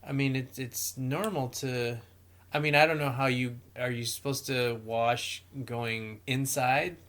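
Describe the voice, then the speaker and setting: Guy cohost telling a dating story, kinda halting, restarts a lot. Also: mid-range voice, fairly even intonation, a bit bright. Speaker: podcast co-host. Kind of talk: casual frank chat.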